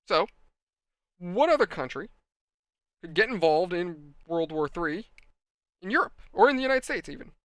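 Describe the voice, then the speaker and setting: This is a man hosting a hobby video, telling an animated anecdote with plenty of exasperation. His voice sits a little high and sounds bright and smooth. The recording is close and dry. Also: normal speed, pauses often, no room sound. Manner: animated, exasperated storyteller, addresses viewers. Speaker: hobby channel host. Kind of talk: rambling anecdote while model building.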